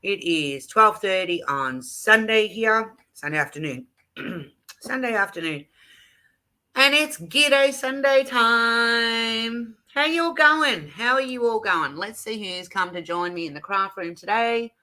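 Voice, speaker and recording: A woman's voice: medium pitch, expressive, unhurried, pushed and bright. An Australian woman hosting a casual craft livestream from her home craft room, chatting and greeting viewers one by one. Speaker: livestream host.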